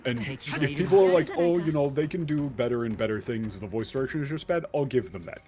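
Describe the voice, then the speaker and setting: A man's voice: medium pitch, fairly quick, warm tone. A man chatting casually on a game stream, rambling and breaking off to restart his sentences. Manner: rambling, self-interrupting storyteller. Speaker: streamer co-host. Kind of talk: casual chat while gaming. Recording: game music playing behind.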